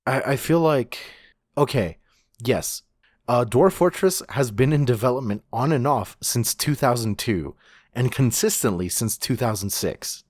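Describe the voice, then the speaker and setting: A man's voice: medium pitch, expressive, measured pace, a little mellow, no echo, clean studio sound. A man co-hosting a podcast in casual chat, rambling with many restarts and the odd swear. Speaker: podcast co-host.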